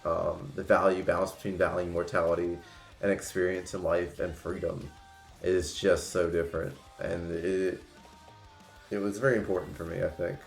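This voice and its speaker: Low-voiced guy streaming, just chatting and rambling, quiet music behind. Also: flat delivery, moderate pace, gravelly, reverberant. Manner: rambling, loose, frequent fillers and restarts. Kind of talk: casual storytelling on a livestream.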